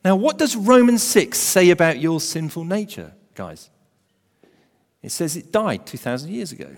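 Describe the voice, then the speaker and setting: A man preaching a sermon as pastor, emphatic, building to loud stressed phrases. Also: sits high, big pitch swings, normal speed. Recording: long hall reverb.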